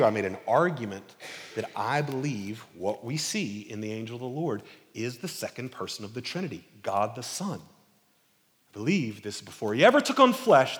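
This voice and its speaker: A male preacher giving an expository sermon in an animated, conversational, emphatic way. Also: medium pitch, in a large hall.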